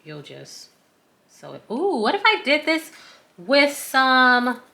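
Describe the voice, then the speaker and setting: Her voice is high, slow, creaky and sharp, with pitch that swoops wildly. This craft tutorial host from the American South leads a sewing tutorial in a Southern accent, chatting casually in a folksy way and making fun of herself.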